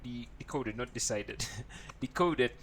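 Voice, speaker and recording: A man's voice: medium pitch, slow pace, a little hiss or hum. Man talking through code aloud. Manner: thinks aloud, frequent "right?" checks. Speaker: programming tutor. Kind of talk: screen-recorded coding tutorial.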